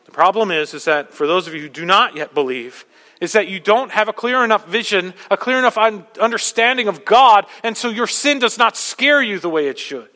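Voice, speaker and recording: Male pastor, sermon delivery, bright forceful tone, urgent, soft to loud. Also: sits high, lively intonation, a little fast, long reverb tail. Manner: preaching with urgent emphasis, swinging from soft to loud. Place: church.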